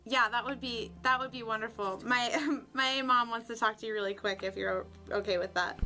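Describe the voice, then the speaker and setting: A young woman filmed for a documentary, excitable and breathless, talking quickly on the phone and then shrieking with joy. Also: fairly high pitch, soft background music. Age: young adult. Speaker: documentary subject. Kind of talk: candid documentary footage.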